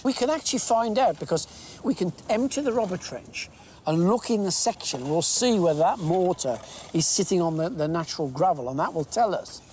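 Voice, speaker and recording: A man's voice: sits high, expressive, fairly quick, a little mellow, slight background noise. A man archaeology expert explaining building foundations outdoors, chatty and easygoing. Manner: chatty, laughing easily. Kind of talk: explaining on site.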